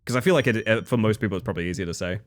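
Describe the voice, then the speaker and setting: A man's voice: lowish voice, racing. A young man chatting casually and playfully with his audience during a game stream, joking about himself and laughing often. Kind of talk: casual gaming stream chat.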